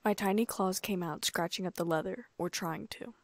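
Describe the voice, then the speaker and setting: A woman narrating a first-person audiobook in a calm, even storytelling manner. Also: fairly low pitch, normal speed, no room sound, clean studio sound.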